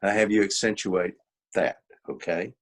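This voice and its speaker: Low husky man teaching emphatically. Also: steady tone, moderate pace. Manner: emphatic, repeats key points, acts out quoted dialogue. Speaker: workshop presenter and author. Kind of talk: informal teaching talk.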